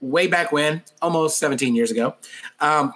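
A man's voice: on the high side, moderate pace, fairly bright tone. A man who hosts a radio show, chatting on a podcast in a rambling way, full of fillers. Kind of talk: casual podcast chat.

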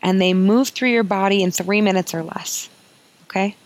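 A woman's voice: mid-range voice, steady tone, moderate pace, poor audio. A woman hosting a podcast as an emotional healing coach, talking in an earnest, confiding way and repeating phrases for emphasis.

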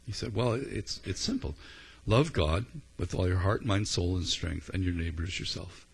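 A man preaching a sermon as a pastor, in an earnest, conversational way with frequent pauses and ums. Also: deep voice, animated, gravelly, breathy edge.

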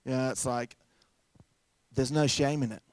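A man's voice: medium pitch, moderate pace, no room sound. Casual joking young male pastor. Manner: casual, joking asides, acts out quoted voices. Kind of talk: sermon.

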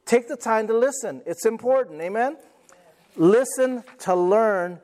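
A man's voice: high voice, a little slow, darkish tone. A middle-aged male pastor preaching a sermon, emphatic, repeating key phrases and calling for amens from the congregation.

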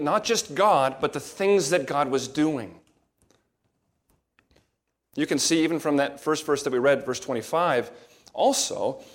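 A man preaching an expository sermon, measured and emphatic, slowing down to stress key words. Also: fairly high pitch.

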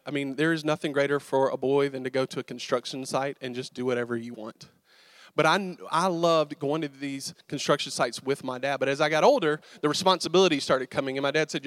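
A man's voice: on the high side, fairly bright tone, dry recording, clean studio sound. A young man, a pastor telling a self-mocking story from the pulpit and joking with his audience. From American South. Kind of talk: storytelling sermon. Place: church sanctuary.

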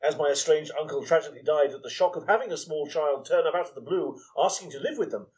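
An actor playing a prim, deadpan assistant detective in a comedy sketch. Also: male voice, on the high side, quick pace, natural voice, rough recording. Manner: deadpan, evasive. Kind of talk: live comedy sketch reading.

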